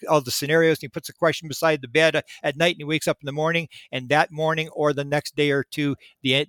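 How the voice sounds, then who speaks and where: A man's voice: a little high, fairly bright tone, dry recording. Man rambling through restarts, dry sound. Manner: rambling, frequent restarts and repeated words. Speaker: podcast guest. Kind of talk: casual conversational explanation.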